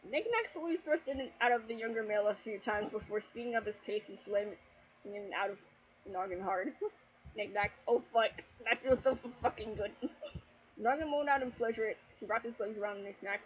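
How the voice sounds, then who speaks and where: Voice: medium pitch, slight background noise, low-quality recording. A YouTuber reading a fanfiction aloud at home at night, breaking off into exasperated, heavily sworn commentary and laughter. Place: at home at night with family asleep.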